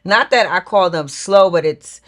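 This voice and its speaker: A woman in a casual chat, speaking in a measured way and listing examples. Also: fairly low pitch, a bit bright.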